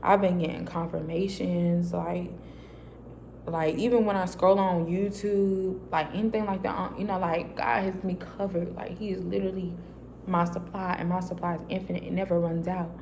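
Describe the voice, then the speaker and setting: A woman's voice: on the low side, flat delivery, moderate pace, gravelly, darkish tone, slight background noise. A woman vlogger telling a personal faith testimony in a casual, chatty way, acting out her own dialogue as she goes. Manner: casual, loose and chatty with many fillers. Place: a quiet private space.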